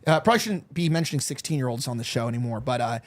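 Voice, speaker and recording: A man's voice: medium pitch, expressive, very fast. A man in his thirties hosting a talk show, chatting candidly and rambling with lots of fillers and restarts. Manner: candid, confiding tone. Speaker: show host. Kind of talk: casual chat.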